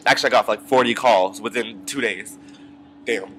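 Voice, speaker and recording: A man's voice: on the low side, normal speed, a bit bright, a little hiss or hum. A young man telling a long story in a casual, rambling rant, swearing freely and filling it with ums and side remarks. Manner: rambling, profane, full of fillers and asides. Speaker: vlogger.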